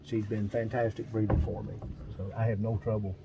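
A man's voice: on the low side, level tone, a little fast, noisy background. A man in his seventies with a Kentucky accent, a pigeon breeder rambling through a casual walkthrough of his loft, full of fillers and repeats. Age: 70s. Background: pigeons cooing.

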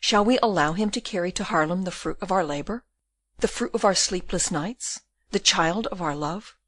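A woman's voice: fairly low pitch, normal speed, fairly bright tone, no echo. A woman voicing a desperate young male prisoner in an audiobook, pleading and raging by turns. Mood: urgent.

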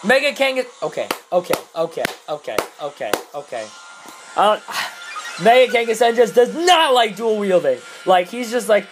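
A young game commentator mutters quick, half-swallowed strategy between swearing, exasperated outbursts over bad luck. The voice sits at a middling pitch. Soft music plays faintly underneath. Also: very animated, poor audio. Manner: rushed, mumbled strategy talk between outbursts. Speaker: video game player commentating own battles. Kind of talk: gameplay commentary.

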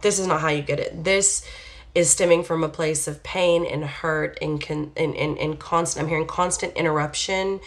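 A woman's voice: low voice, fairly even intonation, moderate pace. A woman giving a rambling, casual tarot reading, blunt and candid, with sighs and laughter. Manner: chatty, rambling, swears casually. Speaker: tarot reader.

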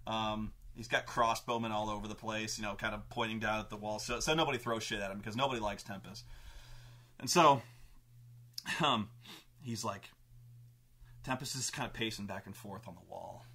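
A man's voice: on the low side, moderate pace, pauses often, sharp tone, breathy edge. A man telling a rambling, profane story about a tabletop campaign he ran as game master.

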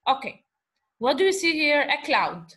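A woman's voice: high-pitched, big pitch swings, normal speed, a bit bright. A woman teaching a beginners' lesson on letters, patiently sounding out syllables and asking the class questions. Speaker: Arabic teacher.

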